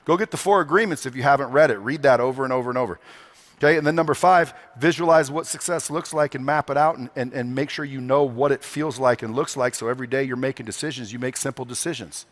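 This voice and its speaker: A man speaking from a conference stage to a live crowd, at a mid pitch for a man. He talks in a brash, salty style, swearing freely. He hammers the room with rhetorical questions. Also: fast talker, fairly bright tone. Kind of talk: motivational stage talk. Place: conference hall stage before a live audience.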